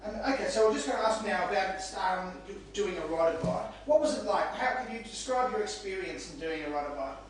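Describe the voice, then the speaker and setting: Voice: mid-range voice, animated, a little fast, hardly any pauses. An interviewer asks questions from well off the mic, stumbling and rephrasing as they go. The voice is swamped in room echo, with a faint hiss behind it. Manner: hesitant, restarts questions. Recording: very echoey, from far off the mic.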